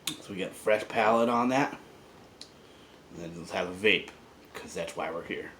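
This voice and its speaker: A man's voice: sits low, normal speed, a little hiss or hum. Rambling, swearing male vlogger. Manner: rambling, relaxed, swears casually, drops to a mutter. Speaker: vlogger reviewing beer and vape juice. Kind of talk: casual review vlog.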